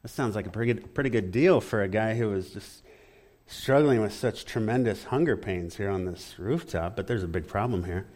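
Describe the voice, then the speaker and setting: A man preaching an expository sermon in an animated, engaging way, often asking the congregation questions. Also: fairly low pitch, moderate pace.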